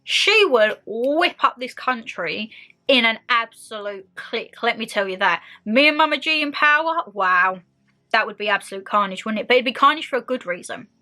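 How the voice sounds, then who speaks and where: A young British woman chats openly and expressively to her viewers in a casual sit-down vlog. Her voice is on the high side and bright, with a forceful tone.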